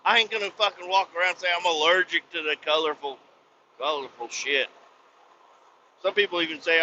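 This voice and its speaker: A man hosting a podcast, ranting bluntly with lots of swearing and sudden loud outbursts. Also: a little high, a little fast, pauses often, a little hiss or hum. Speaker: podcast host. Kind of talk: profane comic rant. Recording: slightly dull lo-fi recording.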